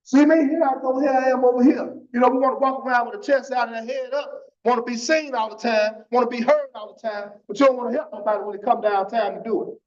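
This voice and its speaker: A man's voice: very high-pitched, steady tone, fast talker, few pauses. A man giving an impassioned church testimony, repeating phrases and tagging lines with "man". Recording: dull lo-fi church stream.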